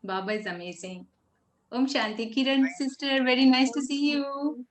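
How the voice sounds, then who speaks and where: A woman's voice: high-pitched, fairly even intonation, moderate pace. A woman hosting an online meeting, chatty and easygoing. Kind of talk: casual online meeting chat. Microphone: video call.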